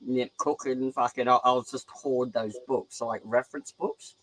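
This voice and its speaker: A young man with an Australian accent talks loosely and animatedly, peppering his speech with swearing. His pitch sits right in the middle, and he jumps from thought to thought in easy casual chat. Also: moderate pace, rough recording. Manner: profane, rambling, animated.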